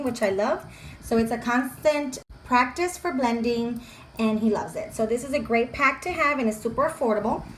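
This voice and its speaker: High-voiced chatty homeschooling mom vlogging. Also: female voice, slight background noise. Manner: chatty and enthusiastic. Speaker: homeschooling mom and channel host. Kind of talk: casual show-and-tell vlog. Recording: echoey room with faint ambience.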